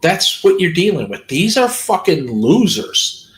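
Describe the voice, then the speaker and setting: Profane ranting man, slightly high voice. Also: sing-song, measured pace, poor audio. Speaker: streamer. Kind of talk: casual chat.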